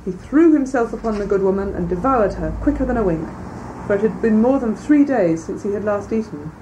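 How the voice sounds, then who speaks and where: A woman reading a classic fairy tale aloud in a measured, clear way, then commenting on it as a lecturer. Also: medium pitch, animated. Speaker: reader and lecturer. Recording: distant mic, faint background noise.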